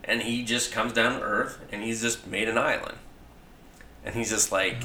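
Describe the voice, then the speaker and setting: A man's voice: fairly low pitch, fairly even intonation, moderate pace, bright, forceful tone. Loose, profane man in an echoey room. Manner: loose, profane, full of "like", acts out quoted lines. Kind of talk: casual chat pitching a comic story.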